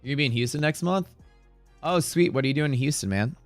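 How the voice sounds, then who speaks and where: A man's voice: a little high, lively intonation, fast, no room sound, faint music behind. A man hosting a live day-trading stream, talking in a chatty, rambling way that turns profane at times. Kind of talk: casual live-stream commentary. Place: Houston area.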